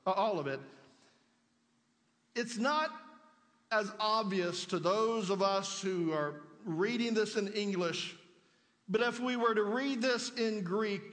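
A pastor with a notably high voice delivers a conversational sermon, posing rhetorical questions to his listeners. His words ring out with a long reverb, as if spoken in a large church sanctuary. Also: fairly bright tone.

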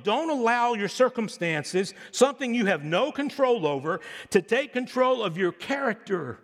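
In a sermon full of banter and sarcastic impressions, a middle-aged pastor addresses his congregation in a high voice with a fairly bright tone. A long hall reverb from the church trails his words.

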